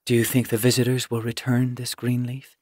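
A man's voice: mid-range voice, completely flat delivery, brisk, a little mellow, no echo, studio quality, natural voice. A man voicing an anxious young she-cat queen in an audiobook, fretting about what others will think. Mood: fretful. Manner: fretful, worried.

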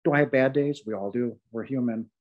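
The clip has its highs cut off as a man with a mid-range voice talks briskly about his near-death experience on a podcast. His testimony is sincere and emphatic, with many fillers and false starts.

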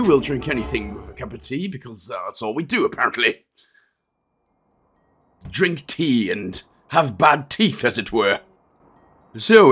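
A man's voice: fairly high pitch, fairly bright tone, slightly rough. A young Welsh man casually narrating a game walkthrough, chatty with jokey asides and frequent fillers. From Wales. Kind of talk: casual gameplay commentary.

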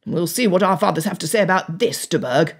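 A woman's voice: on the low side, expressive, fairly quick, slightly rough. A woman voicing an indignant, arrogant young nobleman who snaps and complains. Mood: angry. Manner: snapping, indignant.

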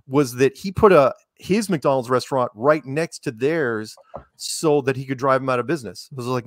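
A middle-aged man with a soothing, low voice chats in a rambling, storytelling way, slipping into quoted voices as he goes. He sits close to the mic on a video call with a dry, dead sound. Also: fairly quick, no echo. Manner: rambling storyteller, animated quoting. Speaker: show host. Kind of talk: casual interview chat.

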